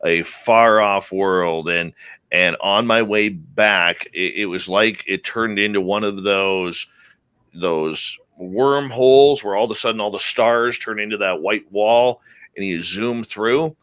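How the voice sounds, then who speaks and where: A man hosting a radio talk show, asking questions and telling stories in a lively way, acting out what others said. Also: fairly low pitch, a little slow, smooth, no room sound. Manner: animated storyteller who acts out quoted speech. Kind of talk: casual interview talk.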